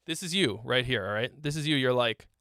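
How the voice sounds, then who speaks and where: A man's voice: mid-range voice, lively intonation, fairly quick, pushed and bright, dry recording, clean studio sound. A man hosting a live stream song critique, joking, teasing and swearing as he gives feedback. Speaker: host, songwriting critic.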